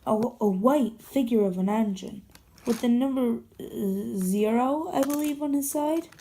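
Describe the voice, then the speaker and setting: A woman's voice: fairly high pitch, measured pace, warm tone. A woman voicing a nervous male mountain steam engine who stammers when he speaks. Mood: uneasy. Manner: stammering, jumpy.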